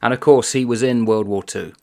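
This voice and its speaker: A man's voice: mid-range voice, fairly even intonation, brisk, gravelly, warm tone. A man chatting casually about a book he is reviewing, reading passages aloud in a conversational manner.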